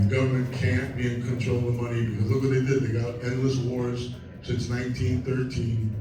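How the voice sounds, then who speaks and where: A man's voice: medium pitch, background noise. A man telling an impassioned, profane story at an event, ranting and mocking the people he quotes. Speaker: speaker at a crypto event. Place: large echoey event space. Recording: echoey room, distant mic.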